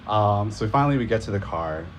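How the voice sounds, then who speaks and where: A man's voice: lowish voice, lively intonation, fairly quick, a little hiss or hum. A man casually telling a rambling personal story at a live event, full of filler words and profanity.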